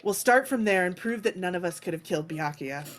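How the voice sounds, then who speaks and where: A woman voicing a calm, eerie teenage boy in a fan voice-over of a game, speaking softly and deliberately. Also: fairly low pitch, music in the background, pitched below the performer's own voice, natural voice.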